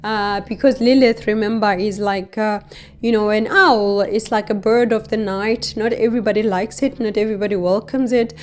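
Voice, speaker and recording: A woman hosting an astrology channel, explaining a couple's chart in an unhurried way, often adding "you know" and "right?" as she talks. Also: medium pitch, steady tone. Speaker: astrologer host. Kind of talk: explanatory astrology reading to camera.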